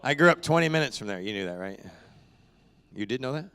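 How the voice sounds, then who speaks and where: A man's voice: mid-range voice, expressive, quick pace, a bit bright, clear, resonant tone. Joking, chatty pastor man. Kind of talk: casual church service welcome. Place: church sanctuary.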